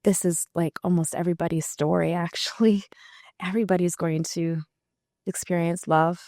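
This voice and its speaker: Woman guest, low gravelly voice, reflective and candid, dry close sound. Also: level tone, normal speed, mellow, dry recording. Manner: candid, reflective, many fillers. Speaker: musician guest. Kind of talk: casual interview talk.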